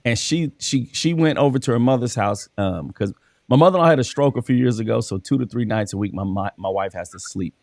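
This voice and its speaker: A man's voice: medium pitch, fairly quick, darkish tone, no room sound, clean studio sound. A man hosting a casual conversation, telling stories from his work as a coach and acting out the dialogue. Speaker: podcast host and school coach.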